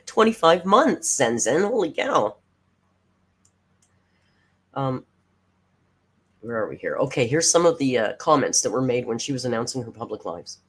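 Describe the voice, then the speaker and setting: A woman's voice: a bass voice, very animated, normal speed, long pauses, slightly rough. A woman hosting a casual livestream reaction, sarcastic and swearing freely as she reads comments aloud. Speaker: reaction streamer host.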